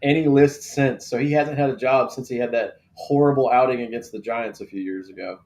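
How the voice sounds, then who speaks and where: A man's voice: medium pitch, fairly quick, crowd noise. A man hosting a casual live draft show, joking and rambling, reading things out as he looks them up. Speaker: host.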